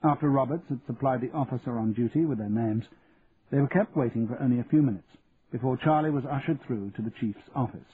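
Casting: measured male narrator, mid pitch, tinny lo-fi recording with faint hiss. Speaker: audiobook narrator. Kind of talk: scripted narration.

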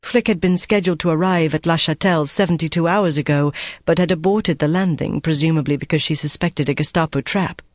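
Audiobook narrator reading a war thriller, steady and even, dry booth sound. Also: medium pitch, fairly quick, dry recording. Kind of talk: scripted narration.

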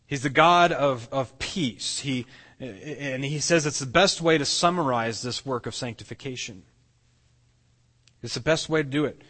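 A man's voice: mid-range voice, a little slow, pushed and bright, big-room sound. A man preaching a sermon as pastor, earnest, often restarting and repeating words as he explains. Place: church sanctuary.

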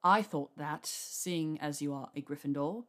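A woman voicing a mortified young male wizard who mutters and sighs in a low voice. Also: a little slow. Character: mortified young wizard, a man, weary and self-mocking.

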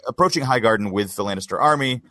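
A man steering a casual podcast recap, halting often with "uh". He talks at a middle pitch. The recording is dry and close. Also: animated, pushed and bright, no echo. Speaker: podcast co-host. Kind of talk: casual chat.

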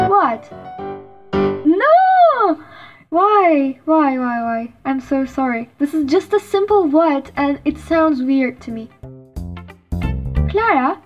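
A woman's voice: high-pitched, muffled recording. A woman reading scripted podcast dialogue, nervous and apologetic, laughing at her own slips. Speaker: guest on podcast.

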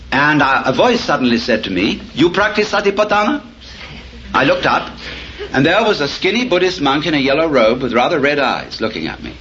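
Middle-aged male lecturer, wry storyteller, animated delivery, lo-fi recording. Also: mid-range voice. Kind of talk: public lecture to an audience. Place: lecture hall with audience. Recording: dull lo-fi tape of a lecture with faint hiss.

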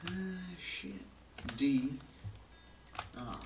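A drunk man with a Finnish accent livestreams with his guitar, his lowish voice slurred as he rambles and swears heavily. He talks slowly with long pauses in casual stream chat. The roomy recording is off-mic, with background noise and loud guitar music.

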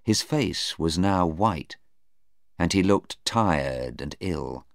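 A man reading a story aloud as narrator, slowly and clearly. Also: no echo, clean studio sound. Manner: slow, careful reading with lively pitch. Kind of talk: scripted narration of a graded reader.

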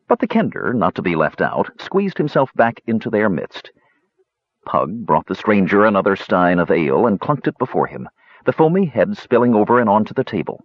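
A man narrating a fantasy story in an expressive audiobook style. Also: lowish voice, breathy edge, no room sound. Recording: dull, dry close recording.

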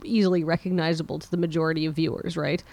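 A woman's voice: sits low, fairly even intonation, rapid-fire, vocal fry, darkish tone, no echo. A woman co-hosting a podcast, chatting casually about a TV episode with wry, joking asides. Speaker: podcast co-host. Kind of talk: casual episode recap chat.

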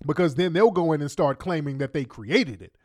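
A man's voice: a little high, lively intonation, brisk, dry recording, clean studio sound. A man hosting a podcast, commenting on played clips in a mocking, heated way with crude slang. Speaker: podcast host.

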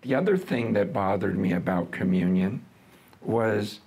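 A middle-aged American man preaching a sermon in a conversational, lively way, with frequent fillers and restarts. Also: fairly low pitch, measured pace, creaky, husky. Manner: conversational, lively, laughs with the congregation. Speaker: pastor.

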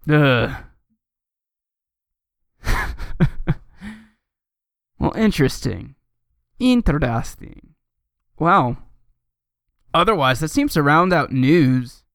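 A man's voice: fairly high pitch, animated, very slow, creaky, long pauses, a bit bright, clean tone, dry recording, studio quality. A man co-hosting a casual podcast, reading fan writing aloud with sarcastic, profane commentary. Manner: sarcastic, swears often, laughs at the text.

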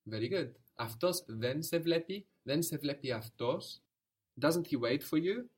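Husky male language teacher. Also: a little high, expressive, measured pace. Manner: patient, explains word origins, prompts and repeats answers. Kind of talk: guided language lesson.

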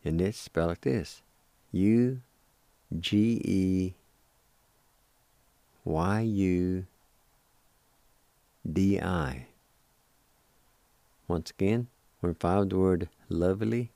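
A man hosting a radio language lesson, spelling and pronouncing each word slowly and patiently, repeating it several times. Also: deep voice, mellow, no room sound. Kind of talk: slow spelling and pronunciation lesson.

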